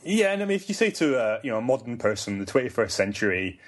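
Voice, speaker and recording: A young Scottish man answering questions in a relaxed conversation, often restarting sentences and laughing lightly. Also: medium pitch, fast talker. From Scotland. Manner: hesitant, many restarts, laughs easily. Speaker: guest. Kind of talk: casual conversation.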